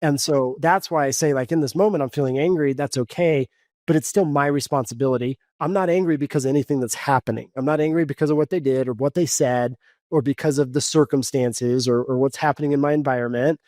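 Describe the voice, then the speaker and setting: A man's voice: medium pitch, fast, a little mellow, no echo, clean studio sound. A man coaching in a podcast interview, explaining step by step in an earnest tone and acting out his own inner dialogue. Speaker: guest coach.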